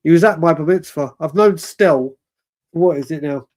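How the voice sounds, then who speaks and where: High-voiced man in his forties. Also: normal speed. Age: 40s. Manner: rambling, animated, self-correcting. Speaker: fan show guest. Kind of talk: casual storytelling chat.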